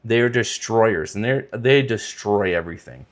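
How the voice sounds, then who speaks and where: Deep-ish guy on a podcast, blunt, swears a lot, leans on his words. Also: animated, measured pace. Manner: blunt and emphatic, swears freely, drags out key words. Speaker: podcast co-host. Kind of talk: casual political chat.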